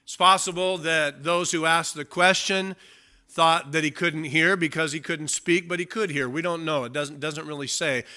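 A man preaching a sermon and reading from the Bible, emphatic, slowing down to stress key phrases. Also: on the high side, fairly even intonation, sharp tone.

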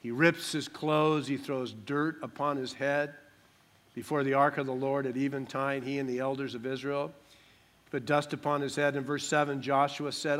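A man preaching a sermon with passion, moving between loud pleading and quiet earnest talk, and acting out prayers and quoted voices. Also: a little high, steady tone, unhurried.

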